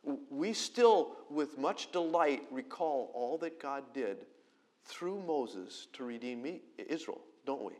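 A middle-aged man, a pastor, preaching a conversational sermon that swings between loud emphasis and quiet, close delivery. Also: medium pitch, expressive, takes it slowly.

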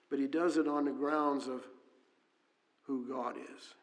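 A man's voice: medium pitch, fairly even intonation, a little slow, long pauses. Man preaching in a reverberant church. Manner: earnest, reads scripture aloud, frequent fillers and restarts. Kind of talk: sermon. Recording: long hall reverb.

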